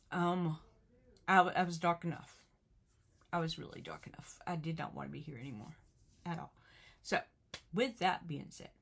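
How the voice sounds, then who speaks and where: A middle-aged woman, giving an earnest, chatty motivational talk to the camera and repeating her phrases. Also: fairly low pitch. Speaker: vlogger.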